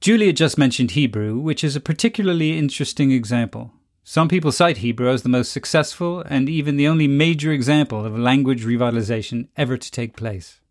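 Podcast host guy reading his script, steady and measured. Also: medium pitch. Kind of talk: scripted narration.

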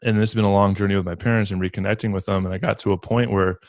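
A man speaks in a low, fairly flat voice, earnest and reflective, with plenty of "like" fillers. The recording is dry and close, with no room sound. He sounds like a podcast guest in a casual spiritual conversation. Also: rapid-fire, no echo.

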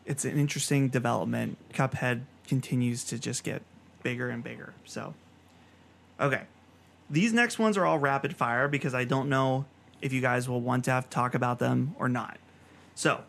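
Gravelly-voiced male podcast host. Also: mid-range voice, fairly bright tone. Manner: reads news items rapid fire, chatty. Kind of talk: casual chat.

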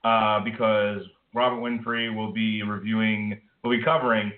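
A man's voice: lowish voice, little pitch movement, normal speed. A man co-hosting a casual podcast, joking, teasing and rambling between announcements. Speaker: podcast co-host. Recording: tinny phone-like sound in an echoey room.

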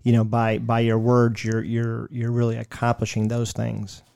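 A man with a gravelly, fry-tinged voice co-hosting the conversation. He adds agreeable remarks and affirmations to what the guest says. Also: medium pitch, monotone, moderate pace, a little mellow. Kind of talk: conversational interview.

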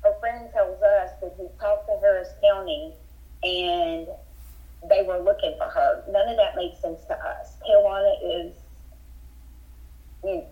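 A woman from Texas speaks as a guest over a muffled phone line. She tells her story in earnest and thorough detail. Her voice sits a little low. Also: steady tone, unhurried. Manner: earnest, detailed retelling with rising urgency. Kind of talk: telling a personal story by phone. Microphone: telephone.

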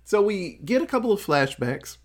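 A man telling a film's story in a loose, chatty way, with his voice swinging up and down a lot. He swears freely and laughs along as he goes. His voice sits a little higher than most men's. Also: moderate pace. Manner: animated, profane, laughing storyteller. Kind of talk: casual movie recap.

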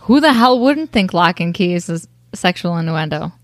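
A woman's voice: lowish voice, expressive, normal speed, no echo. A young adult woman co-hosting a podcast, casually telling a history story and joking between facts. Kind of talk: casual chat.

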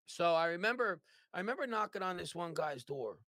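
A business owner telling his life story in an interview, animated and forever checking in with "right?". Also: sits high, fairly quick, dry recording, studio quality. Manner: animated, tags lines with "right?".

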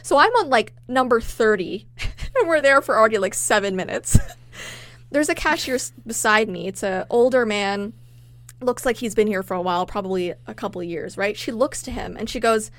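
A young woman co-hosting a podcast, telling a story in a casual, animated way and acting out the people in it. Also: on the high side, normal speed. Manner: animated, acts out quoted customers. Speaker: podcast co-host.

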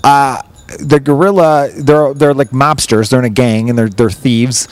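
A man's voice: medium pitch, steady tone, measured pace. A man in his thirties from Chicago, chatting casually on a podcast, rambling and swearing as he acts out scenes from a story. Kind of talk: casual chat, animated storytelling.

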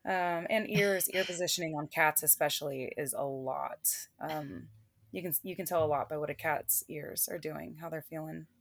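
A woman's voice: deep voice, normal speed. Chatty woman guest explaining animal behavior. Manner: chatty, laughs often, frequent fillers. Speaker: guest, veterinary technician and animal communicator. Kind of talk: casual podcast interview.

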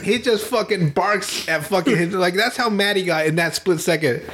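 A man hosting a podcast from home over an online call, telling stories in a lively, profane way and laughing often. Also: high-pitched, moderate pace. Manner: animated, profane storytelling with frequent laughter. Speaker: podcast host. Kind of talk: casual chat.

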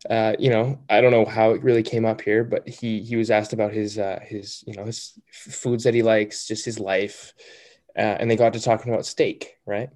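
A man's voice: lowish voice, a little mellow. A man co-hosting a sports podcast, telling a joking story in casual chat with lots of fillers. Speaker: podcast co-host.

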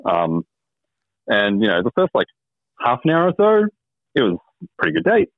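A man's voice: mid-range voice, huge pitch swings, normal speed, no echo. A man telling a dating story as a guest, wry and hesitant with many ums. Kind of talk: casual storytelling. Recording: tinny phone line.

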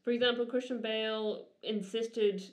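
A woman's voice: a little high, fairly even intonation, normal speed. A woman from Dublin with an Irish accent, co-hosting a podcast in chatty, giggly conversation. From Ireland, Dublin. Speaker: podcast co-host. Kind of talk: casual chat. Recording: roomy echoey room.

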